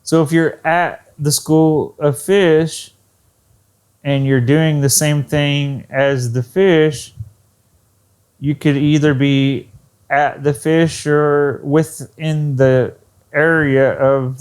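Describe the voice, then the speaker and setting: A man's voice: fairly high pitch, fairly even intonation, extremely slow, a little mellow, clean tone. A man teaching an English lesson, repeating words to show intonation. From Texas. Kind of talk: ESL lesson.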